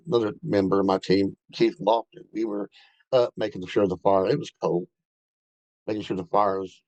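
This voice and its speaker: A man's voice: fairly low pitch, warm tone, dry recording, dull audio. A man telling a rambling first-hand story in a casual way, with many fillers and restarts. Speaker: bigfoot researcher telling an encounter.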